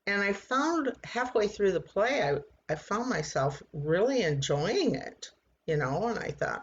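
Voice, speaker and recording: A woman in her sixties giving an earnest personal faith testimony, halting and repeating words as she tells it. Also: medium pitch, very animated, muffled recording. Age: 60s. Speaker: church member giving testimony.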